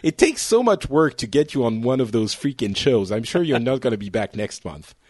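A man's voice: mid-range voice, lively intonation, a little fast, husky, no echo, clean studio sound. French man hosting a joking podcast. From France. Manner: joking, loose, restarts often. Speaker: podcast host. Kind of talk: casual podcast chat.

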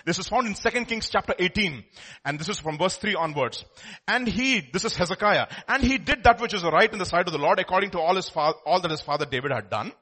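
A man preaching a sermon, reading scripture and explaining it, swinging between loud exclamations and quiet asides. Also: sits high, lively intonation, quick pace.

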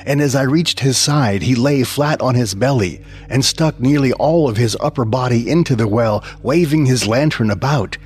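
A man's voice: mid-range voice, slightly rough. A man narrating a scripted horror story in the first person, with dramatic storytelling.

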